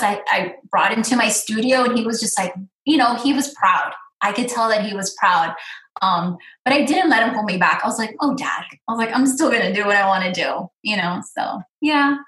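A woman's voice: medium pitch, a bit bright. Woman, interview guest, earnest, lots of fillers, roomy echo. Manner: earnest, rambling, many fillers. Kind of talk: casual interview chat.

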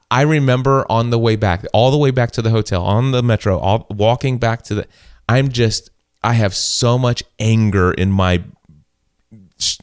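Man, forties, podcast host, animated storytelling, smooth, dry close mic. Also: lowish voice, no room sound. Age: 40s. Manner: animated storytelling, quoting himself. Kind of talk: casual chat.

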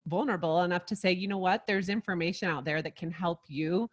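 A woman co-hosting a podcast, chatting casually and enthusiastically, quick to agree and to laugh. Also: lowish voice, breathy edge. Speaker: co-host.

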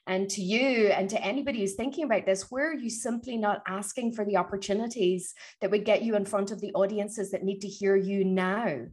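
A woman guest on an interview, coaching on public speaking and telling stories in an energetic, motivational way. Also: medium pitch, brisk, few pauses. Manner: energetic, motivational, animated retelling. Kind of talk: conversational interview, storytelling.

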